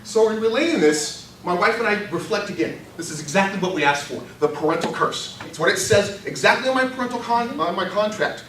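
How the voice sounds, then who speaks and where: An older man giving a humorous storytelling speech at a contest, animated and laughing through his own punchlines. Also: high voice, a little fast, few pauses, distant mic, a little hiss or hum. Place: meeting hall. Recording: echoey hall recorded from afar.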